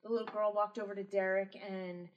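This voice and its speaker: Mom guest on a podcast, candid, kinda far from the mic, stops and restarts a lot. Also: female voice, mid-range voice, flat delivery, fairly quick, muffled recording. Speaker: guest, mother of a son with disabilities. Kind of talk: casual podcast conversation.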